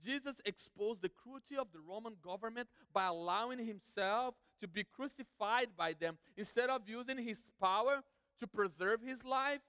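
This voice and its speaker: A high, smooth-voiced man delivers an emphatic sermon, stacking lists and repeating key phrases. His voice rings with the long reverb of a large church hall. He speaks as the pastor to his congregation. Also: a bit bright.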